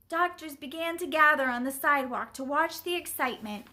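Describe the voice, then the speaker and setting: A woman reading a children's book aloud, expressive and deliberate. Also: sits high. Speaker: story reader.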